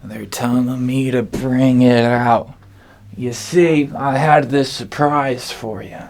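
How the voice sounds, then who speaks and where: A man hosting an absurd comedy monologue, rambling and deadpan. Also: medium pitch, slow pace. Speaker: comedian host.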